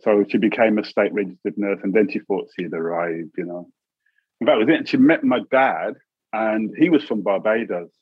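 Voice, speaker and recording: A man in his sixties from England, an interview guest telling family stories in a relaxed way, chuckling often and acting out voices. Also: on the low side, moderate pace, breathy edge, dry recording. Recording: tinny phone-like line.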